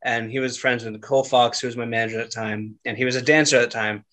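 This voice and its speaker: A man's voice: mid-range voice, steady tone, fast, fairly bright tone. A man hosting a casual chat show, talking loosely with lots of fillers and laughs. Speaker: podcast host.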